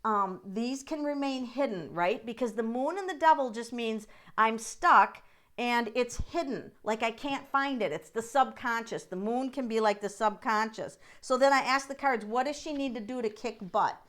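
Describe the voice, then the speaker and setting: A middle-aged woman runs a casual live tarot reading, her voice sitting a little high. She talks in a chatty, encouraging way and speaks to her viewers by name. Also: moderate pace, fairly bright tone. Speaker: tarot reader and livestream host.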